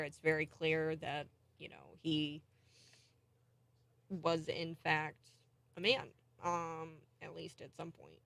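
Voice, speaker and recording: A woman's voice: lowish voice, gravelly, no room sound. A woman hosting a morning talk show, giving chatty, indignant political commentary. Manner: chatty and indignant, thinks out loud.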